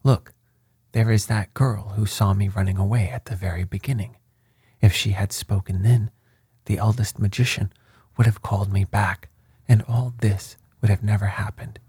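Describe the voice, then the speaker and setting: A man voicing a small proud crab, hushed. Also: fairly low pitch, steady tone, moderate pace, slightly rough, no room sound, studio quality. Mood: pleading. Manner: soft, half-whispered storytelling voice. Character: proud soft-shelled crab turned small, male.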